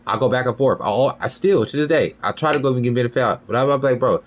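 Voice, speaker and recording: A man hosting a podcast, delivering a heated, profane monologue that swings between loud high outbursts and low muttered lines. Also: fast talker, hardly any pauses. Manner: heated, profane, repeats "you feel me" and "bro". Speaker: podcast host.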